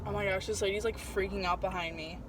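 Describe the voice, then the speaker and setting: A woman's voice: mid-range voice, fairly even intonation, fast talker, noisy background. A young woman chatting casually for her vlog from her car and a car wash, flustered and full of "like" and "literally". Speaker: vlogger.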